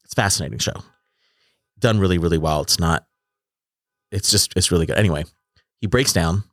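A man's voice: low voice, brisk, fairly bright tone, dry recording, clean studio sound. A man in his forties talking in a reflective, casual conversation, often trailing off and restarting his sentences. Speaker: podcast host.

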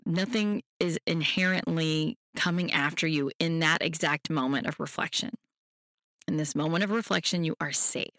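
A podcast host who gives a self-help talk in a gentle, reassuring way and speaks straight to the listener. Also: medium pitch, dry recording, studio quality.

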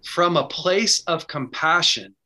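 Earnest man with a bright voice. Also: fairly high pitch, animated, slow pace. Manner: earnest, candid, talks in short bursts with restarts. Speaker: faith speaker sharing advice. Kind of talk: conversational teaching with personal story.

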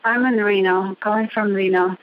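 A woman calling in by phone from a gym bathroom, out of breath, halting and searching for words. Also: mid-range voice, steady tone, heavy background noise. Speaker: caller. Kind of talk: phone-in call. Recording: dry, dull phone-line sound.

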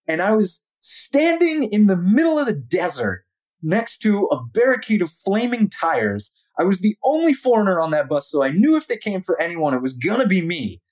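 A woman's voice: lowish voice, a little mellow. A woman, a podcast guest, vividly telling a travel story.

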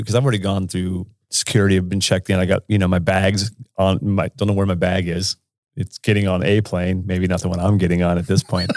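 Man, deep voice, casual storytelling, swears a lot, laughs between lines, dry close sound. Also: a little mellow, no echo. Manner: profane, laughing, rambling anecdote.

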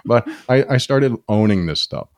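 A man co-hosting a casual podcast, telling personal stories in an animated way and acting out the people he quotes. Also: normal speed, dry recording, studio quality. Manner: animated storytelling, acts out quoted people with sudden high pitch jumps. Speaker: podcast co-host. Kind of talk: casual conversation.

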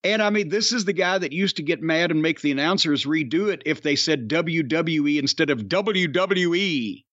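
A man's voice: fairly high pitch, expressive, normal speed, a bit bright, no echo. Older man, profane rambling podcast host. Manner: profane, rambling, does mocking voice impressions. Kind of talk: casual podcast chat. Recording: dull dry lo-fi sound.

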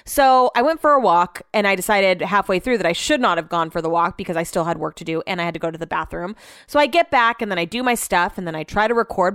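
A woman's voice: fairly low pitch, fairly bright tone, no echo, studio quality. Rambling, profane woman podcaster. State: sore and tired. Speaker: podcast host and radio host. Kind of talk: casual solo podcast monologue.

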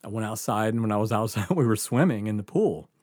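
A man's voice: lowish voice, animated, fast talker, a little mellow, dry recording, clean studio sound. A man telling a rambling, laugh-filled story as a podcast guest, swearing freely and stumbling over his words. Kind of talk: casual storytelling.

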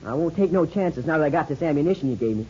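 Brief: male actor as a brash young ranch hand, quick-talking, fairly high voice, lo-fi old radio sound. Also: lively intonation, mellow, a little hiss or hum, lightly acted. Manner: quick, boyish western drawl. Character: brash young ranch boy, eager gunslinger wannabe. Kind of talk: 1950s radio drama acting. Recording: dull lo-fi old radio broadcast.

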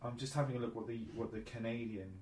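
A man's voice: medium pitch, steady tone, fast, darkish tone, slight background noise. A man co-hosting a casual gaming chat show, talking in a rambling, explanatory way with many fillers.

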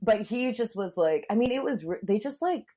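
With a warm, slightly high voice and lively intonation, the young woman speaks briskly as a guest recounting a story. She's frank and casual, full of fillers, and voices the quotes of people she mentions.

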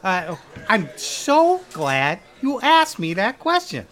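A woman's voice: medium pitch, huge pitch swings, slow, fairly bright tone, full character voice. A woman voicing a goofy, rambling male Wolf Man who puts on a mock Cockney-hillbilly accent in a comedy improv. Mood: boastful. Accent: mock Cockney-hillbilly blend. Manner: goofy, rambling, self-satisfied.

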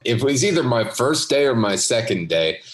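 A man's voice: mid-range voice, big pitch swings, moderate pace. A man, an actor, telling a light anecdote with frequent laughter in an interview. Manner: amused, laughing storyteller. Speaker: actor guest.

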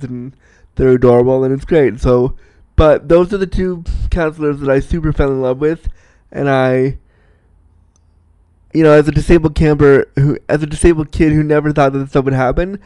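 A young man telling a personal story in a casual, animated, self-mocking way, laughing often. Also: mid-range voice, clean tone, no echo.

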